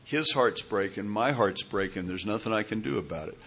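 A man in his sixties gives a personal testimony in a rather low voice. He rambles from one memory to the next and keeps checking in with his listeners as he goes. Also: animated, brisk, vocal fry, fairly bright tone, slightly rough. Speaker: recovery meeting speaker.

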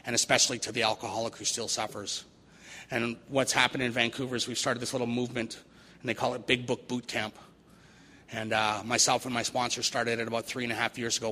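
A man's voice: medium pitch, pushed and bright. A man giving a recovery meeting talk, earnest and repeating phrases for emphasis. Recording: long hall reverb, faint noise.

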